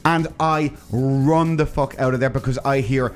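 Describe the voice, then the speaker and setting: A man co-hosting a podcast, telling a story in casual comedic chat with exaggerated, animated delivery. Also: mid-range voice, unhurried, few pauses, faint music behind. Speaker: podcast co-host.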